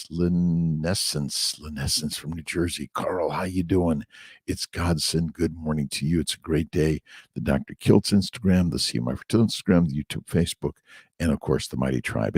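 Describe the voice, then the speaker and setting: A man's voice: very deep voice, darkish tone, dry recording, studio quality. A middle-aged man hosting a casual morning livestream, greeting viewers by name with upbeat, repetitive affirmations. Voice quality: gravelly, husky voice.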